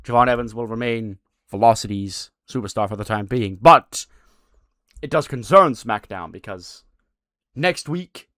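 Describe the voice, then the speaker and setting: A man's voice: mid-range voice, unhurried, fairly bright tone, no echo, clean studio sound, close to an everyday voice. A man voicing a formal male authority figure, patient and slightly sarcastic.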